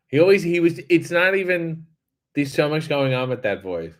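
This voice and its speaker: In a slightly high, sing-song voice at a moderate pace, this livestream host reads out chat comments. His replies are casual, wry, and sarcastic, with swearing sprinkled in.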